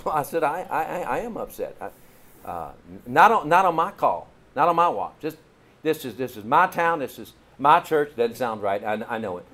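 A middle-aged man with a Kentucky accent, a pastor telling a story in a folksy, animated sermon and calling out to the congregation. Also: on the high side, moderate pace.

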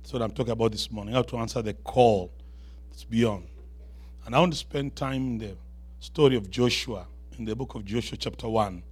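A man's voice: medium pitch, husky. A man with an African accent preaching a sermon in church, moving from chatty asides to rising, emphatic declarations and calls for the congregation to answer. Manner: builds to raised, emphatic declarations with call-and-response; quick asides with humor to the congregation. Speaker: guest preacher.

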